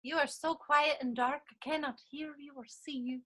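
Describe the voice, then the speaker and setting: A woman's voice: high-pitched, fairly even intonation, normal speed, pushed and bright. A woman chatting with a friend over a video call, cheering her on in a playful sing-song way. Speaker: guest friend. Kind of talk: casual chat.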